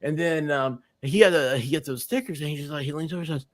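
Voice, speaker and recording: A man's voice: fairly high pitch, fast talker, no echo. A man co-hosting a casual livestream, rambling through anecdotes and acting out quoted lines while laughing mid-sentence. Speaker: livestream co-host. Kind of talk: casual storytelling chat.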